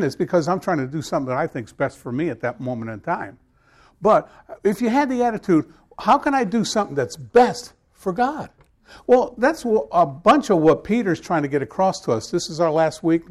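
A man's voice: on the high side, animated, brisk. A male pastor preaching a sermon, telling a casual story before reading scripture with rising emphasis.

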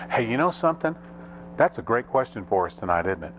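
A man preaching a sermon as pastor, with dramatic rises and drops in pitch and pace. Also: sing-song, fairly quick, fairly bright tone, a little hiss or hum.

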